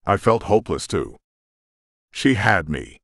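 A man narrating a romance audiobook in the first person, expressive and brooding. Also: fairly low pitch, measured pace, dry recording, studio quality.

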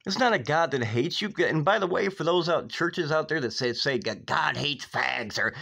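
A man from the United States hosting his own video, talking urgently and over and over saying "guys" and "okay", getting loud and high when worked up. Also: expressive, brisk. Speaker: video host. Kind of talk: preachy casual vlog talk. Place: outdoors in northwest Ohio.

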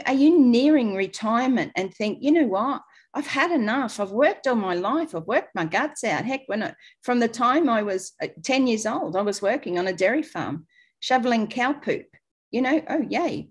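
A middle-aged Australian woman with an Australian accent, hosting a webinar and giving a blunt, emphatic sales pitch over a video call. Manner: blunt, emphatic, talks straight to listeners. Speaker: webinar host.

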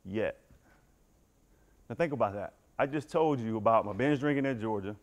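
A middle-aged man, working as a motivational speaker, gives a football team a candid talk about his personal recovery, sharing his story and addressing the room directly. His voice is on the low side, at a moderate pace.

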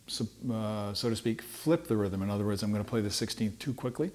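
A man teaching trumpet in a relaxed, conversational way, pausing with fillers and restarting phrases as he explains. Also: on the low side. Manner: sings rhythms on syllables to demonstrate. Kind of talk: relaxed instructional talk.

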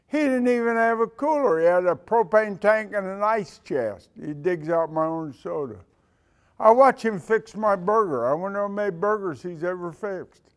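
An older man gives a speech as a retired military leader, telling a story in a lively way and acting out the dialogue. His voice sits fairly high for a man. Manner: animated storyteller who acts out dialogue. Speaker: retired senior enlisted leader giving a talk.

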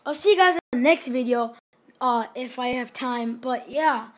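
A woman giving excited gameplay commentary as a gaming channel host, gushing and repeating her exclamations, swinging between loud cheers and mumbled asides. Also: on the high side, moderate pace.

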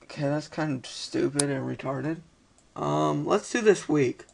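A young man narrating a video game in a slow, unhurried drawl with plenty of gravelly fry. He is excitable and yelps at sudden moments. Keyboard clicks and typing are clearly heard on the recording. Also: on the high side, very noisy. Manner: excitable, frequent yelps and "oh dear". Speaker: gaming video host. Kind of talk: casual let's-play commentary.

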